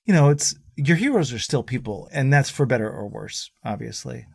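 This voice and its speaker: A man guesting on a podcast, telling road stories in a casual, animated way and acting out the voices of people he quotes. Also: mid-range voice, moderate pace, creaky, husky, dry recording. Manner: animated storyteller who acts out quoted voices.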